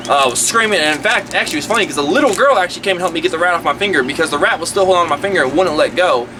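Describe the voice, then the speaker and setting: A man's voice: a little high, animated, very fast, far from the mic, background noise. A man chatting casually through a snake-feeding vlog, rambling with jokey asides. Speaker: pet snake vlogger.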